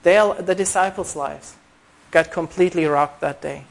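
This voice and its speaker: A man preaching a sermon, earnest, reading scripture aloud and slowing down to stress key words. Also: on the high side, fairly even intonation, creaky. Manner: reads scripture aloud in old-style wording.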